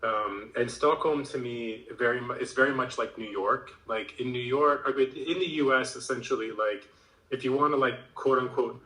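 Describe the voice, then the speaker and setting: A man's voice: medium pitch, fairly bright tone, echoey room, rough recording. An American man in a casual conversation, telling a rambling story full of fillers and restarts. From United States. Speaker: HR professional guest.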